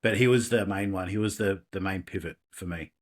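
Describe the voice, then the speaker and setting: An Australian man, a podcast guest, telling personal stories in a casual, animated way with laughs and restarts. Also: low voice, brisk. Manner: animated, laughing, self-deprecating, many restarts. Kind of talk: casual interview storytelling.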